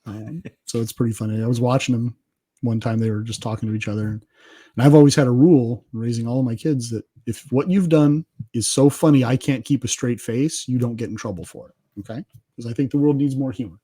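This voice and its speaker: A man's voice: medium pitch, steady tone, a little fast, mellow, husky. A middle-aged man, a podcast guest, telling self-deprecating family stories in a casual interview, often laughing as he talks.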